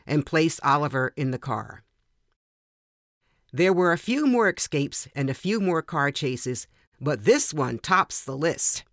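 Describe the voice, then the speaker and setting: Older woman, author, reads a personal anecdote in a measured, gentle manner with a dry close mic. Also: deep voice, no echo. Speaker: author reading her own story. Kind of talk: personal story reading.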